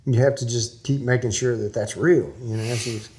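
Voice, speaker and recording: A man's voice: medium pitch, fairly even intonation, normal speed, darkish tone. A man from Texas, a guest in an interview, telling a long story in a folksy, rambling way with small laughs.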